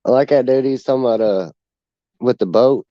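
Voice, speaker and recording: A man's voice: medium pitch, fairly quick, no echo. A man, chatting casually on a livestream with crude, laid-back humor. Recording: dull dry lo-fi mic.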